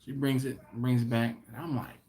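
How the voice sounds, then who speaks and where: A man hosts a live-stream Q&A for his barbecue channel, his medium-pitched voice steady and dark in tone. He tells stories at an easy, unhurried pace, laughing as he acts out what people said.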